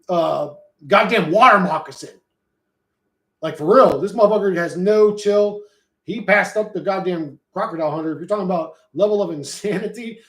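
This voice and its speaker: A man's voice: high-pitched, reverberant. Profane rambling American streamer guy. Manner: profane, rambling, loose and joking. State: hot and sweating. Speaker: streamer reading chat. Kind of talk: casual livestream chat.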